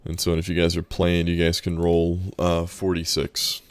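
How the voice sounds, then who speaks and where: A man with a very low voice narrates a tabletop game as its game master. He talks in a loose, halting way, full of fillers and restarts. The sound is dry and close. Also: monotone, smooth, no room sound.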